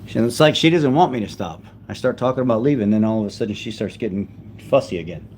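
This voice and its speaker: A man hosting a casual livestream, chatting gently and unhurriedly as a father while he tends his baby. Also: on the low side, lively intonation, fast talker, slight background noise.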